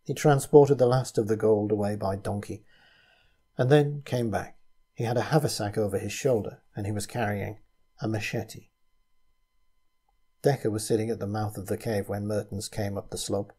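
A man reading a story aloud as narrator, in a measured storytelling manner. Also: lowish voice, fairly even intonation, mellow, husky. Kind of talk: scripted narration.

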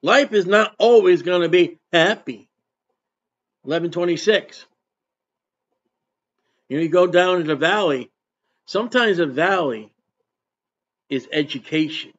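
A man preaching in an emphatic, repetitive way, swinging from loud bursts to quiet asides. His voice sits a bit high for a man. The recording is dull and lo-fi. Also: measured pace, pauses often. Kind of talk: sermon.

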